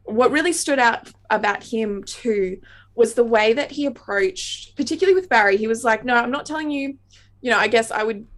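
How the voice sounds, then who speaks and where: A woman's voice: a little high, moderate pace. Chatty Australian woman saxophonist. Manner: chatty, laughs often, tumbling thoughts. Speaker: guest saxophonist. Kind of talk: casual interview chat.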